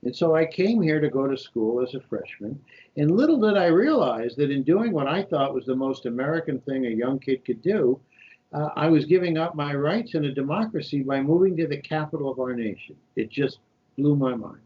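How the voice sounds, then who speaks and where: Man in his 50s telling lively stories. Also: fairly high pitch, normal speed, highs cut off. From New York. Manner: animated anecdotal storytelling with voiced quotes. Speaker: guest, shadow senator. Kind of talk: storytelling interview.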